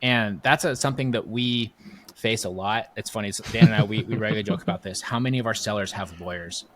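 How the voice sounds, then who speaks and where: A man hosting a podcast, asking questions in a quick, casual way with short agreements. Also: lowish voice, a little hiss or hum. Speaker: podcast host. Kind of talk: casual interview chat.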